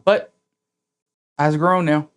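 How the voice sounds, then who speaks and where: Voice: medium pitch, steady tone, slow pace. Laid-back, profane podcast co-host. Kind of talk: casual podcast chat.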